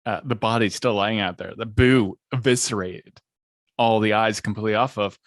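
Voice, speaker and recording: A man's voice: lowish voice, steady tone, moderate pace, no echo. A man narrating a tabletop game as dungeon master, describing the scene and sometimes restarting sentences.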